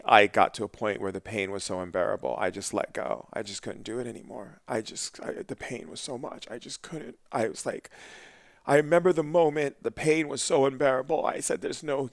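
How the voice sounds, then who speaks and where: A man guesting on a podcast tells a personal story in a vivid, intense way, often restarting his sentences. His voice sits low and carries a gravelly yet resonant tone. The sound is close and dry. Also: no echo.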